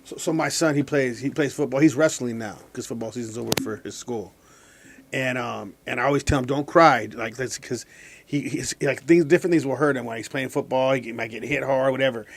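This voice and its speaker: A man's voice: mid-range voice, a little fast, vocal fry, a little hiss or hum. A man hosting a casual talk show, telling a personal story with many restarts and quoted speech. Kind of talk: casual chat.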